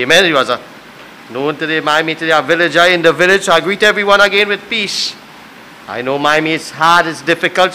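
A man's voice: a little high, pushed and bright, slight background noise, poor audio. Fervent man, praise-the-Lord refrains. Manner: fervent, peppers every phrase with praise the Lord and amen. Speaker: neighbor giving a funeral tribute. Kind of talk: spoken funeral tribute. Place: funeral service.

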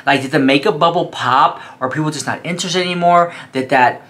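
Sassy male beauty vlogger, excitable and dramatic, bright and punchy. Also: a little fast. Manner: sassy and dramatic, calls viewers "girl"; gushing, excitable, with sudden pitch jumps. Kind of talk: casual commentary to camera.

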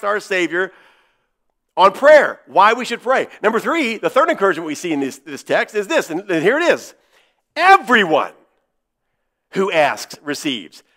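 A man preaching in a church with a high, bright voice that swings widely in pitch. He leans hard on key words, slowing down and repeating them for emphasis. His delivery rises and drops from loud to hushed. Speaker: pastor. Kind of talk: sermon.

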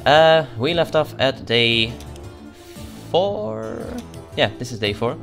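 A man's voice: fairly high pitch, big pitch swings, slow, creaky, fairly bright tone, soft background music. Man in a mock Russian accent. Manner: curt, stern official tone toward game characters. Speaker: let's play gamer. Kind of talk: gameplay commentary in character as a border guard.

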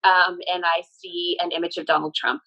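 A woman's voice: lowish voice, flat delivery, normal speed, sharp tone, lo-fi sound. A woman working as a medium, relaying messages in a casual, emphatic way. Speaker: medium channeling a spirit. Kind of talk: casual spoken channeling session.

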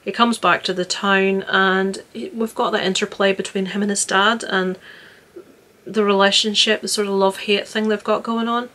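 A woman's voice: mid-range voice, little pitch movement, moderate pace, pushed and bright. Rambling earnest woman. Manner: rambling, earnest, frequent restarts. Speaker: vlogger reviewing films. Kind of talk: casual film review chat.

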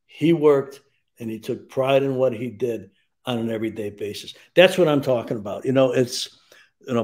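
Man, 60s, baseball front-office guest on sports radio; unhurried storyteller who leans on fillers, mid-pitched. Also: darkish tone. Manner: measured storyteller, frequent "um" and "you know".

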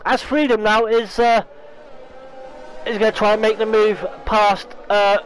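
A very high-pitched man calls a sim race in a rush, stumbling and correcting himself as he goes. His voice is fraying, and a faint hiss sits under the recording. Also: rough recording. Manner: excitable, talks fast with restarts and self-corrections. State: losing his voice, hiccups. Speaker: race commentator. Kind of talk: esports racing commentary.

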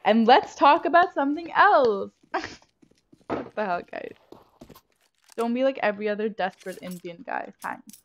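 A young woman with a fairly high voice talks over her gameplay as a streamer, loose and unfiltered. She swears casually and bursts into sharp yelps whenever a shot goes wrong, all picked up close on a gaming headset. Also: moderate pace, long pauses, background noise. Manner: excitable, swears freely, shrieks at misses. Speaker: game streamer. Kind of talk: casual live gameplay commentary.

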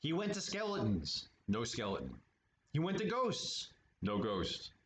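Lively man reading a kids' story. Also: medium pitch, a little slow. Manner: playful, chatty asides, lively. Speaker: storytime reader at art studio. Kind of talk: children's read-aloud with asides. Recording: echoey room, muffled, faint hiss.

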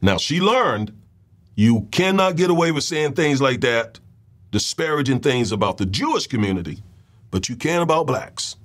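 A man's voice: mid-range voice, expressive, moderate pace, a bit bright. A man hosting a political commentary show, talking in a loose conversational monologue, often repeating words and checking in with his listeners.

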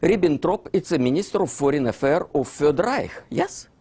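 A man with a Russian accent, not a native English speaker, giving an animated lecture, dropping articles and constantly checking in with "yeah?". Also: fairly high pitch, moderate pace, breathy edge. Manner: keeps asking "yeah?" to check his listeners; non-native grammar, drops articles.

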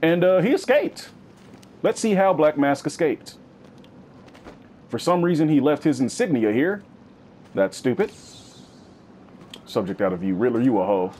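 Animated man doing slangy game commentary. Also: moderate pace, long pauses, a little hiss or hum. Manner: animated, slangy, swings into high-pitched bits and deep growls. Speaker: gaming YouTuber. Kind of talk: casual let's-play commentary.

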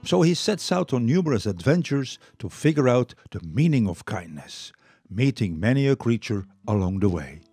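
An older man whose first language is Dutch, reading a children's story aloud to listeners in an expressive way. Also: medium pitch, normal speed, slightly rough, no room sound, faint music behind. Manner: lively, expressive, warm read-aloud.

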